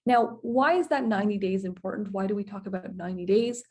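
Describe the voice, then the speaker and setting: A woman gives a webinar presentation through a computer mic and walks students through the rules one point at a time. She sits at a middling pitch and keeps a patient, explanatory tone. She often checks in with "okay?" and "right?". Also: fast talker, a little mellow. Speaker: immigration lawyer presenter.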